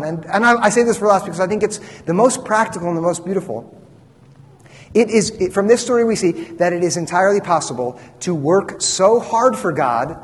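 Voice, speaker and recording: A young man preaching a sermon as a pastor, earnest and emphatic with frequent repetitions. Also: sits high. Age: young adult. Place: church sanctuary. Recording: church hall reverb.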